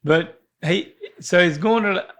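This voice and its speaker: An older man co-hosts a podcast, chatting casually in a rambling, folksy way and often restarting his sentences. His voice sits high and fairly bright, and he speaks slowly.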